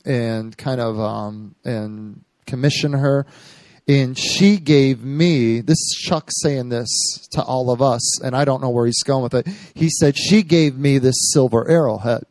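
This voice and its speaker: A man preaching, telling a personal story and acting out what others said in lively bursts. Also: medium pitch, dry recording. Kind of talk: sermon testimony.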